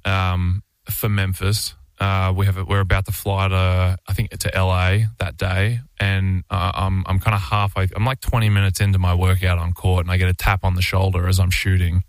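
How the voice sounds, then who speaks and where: A man's voice: sits low, flat delivery, moderate pace, hardly any pauses, clean tone, dry recording. An Australian man, a basketball player guesting on a radio show, telling a story in a loose, rambling way full of fillers and restarts. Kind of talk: casual storytelling anecdote.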